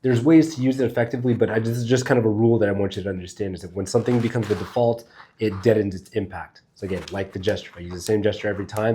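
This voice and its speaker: A man with a fairly low, mellow voice teaches in a loose, conversational way. He swears casually and works through his ideas out loud, like a speaking coach talking straight to camera. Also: fairly even intonation, fast talker. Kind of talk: casual spoken lesson to camera.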